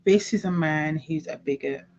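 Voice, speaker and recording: A woman's voice: deep voice, normal speed, darkish tone, dull audio, a little hiss or hum. A woman giving a casual tarot reading, emphatic and repeating her phrases, now and then swearing. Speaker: tarot reader.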